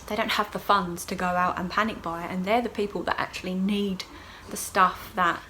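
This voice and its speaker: A woman's voice: fairly low pitch, fairly even intonation, moderate pace, pushed and bright, slight background noise. A woman chatting casually to the camera in a video diary while gardening outdoors. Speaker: vlogger.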